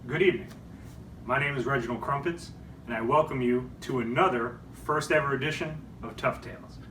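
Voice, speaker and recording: A man voicing a pompous, formal gentleman storyteller in a theatrical, ceremonious manner. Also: mid-range voice, a little fast, recorded from a distance, lightly acted. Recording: echoey room, off-mic, faint noise.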